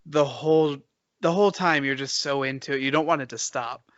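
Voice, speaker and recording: A man's voice: medium pitch, brisk, fairly bright tone, no room sound, lo-fi sound. A man co-hosting a podcast in casual chat, easygoing and agreeable. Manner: easygoing, brief agreeing replies. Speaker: podcast co-host.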